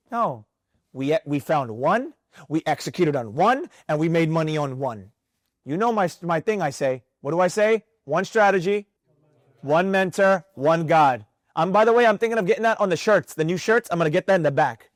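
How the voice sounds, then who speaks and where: Guy with a high voice teaching a trading class, preachy and animated, repeats stuff a lot, dry close sound. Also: normal speed, no room sound. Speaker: trading mentor. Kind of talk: live mentorship class talk. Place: room with students present.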